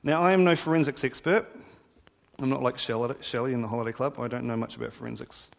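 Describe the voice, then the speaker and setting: A man's voice: mid-range voice, fairly even intonation, fast, creaky. A man preaching a sermon in a conversational, wry storytelling manner. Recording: hall reverb.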